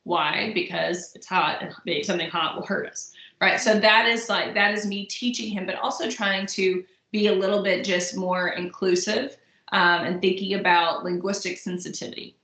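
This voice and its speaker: Young woman, college lecturer, relaxed and chatty, crisp bright voice, roomy recording. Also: mid-range voice, normal speed. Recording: echoey room.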